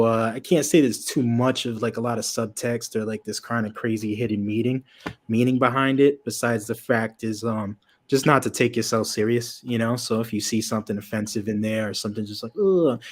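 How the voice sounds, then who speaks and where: A man's voice: mid-range voice, fairly even intonation, fairly quick. A man, a comic book creator, chatting as a guest on a livestream in a laid-back, rambling way, with fillers and swearing. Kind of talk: casual interview chat.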